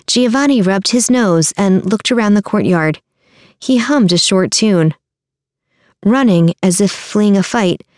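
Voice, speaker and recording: A woman reads a story aloud at a steady, measured pace. Her voice is smooth and resonant. The recording is close and dry. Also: fairly low pitch, no echo. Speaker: narrator. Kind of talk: storybook narration.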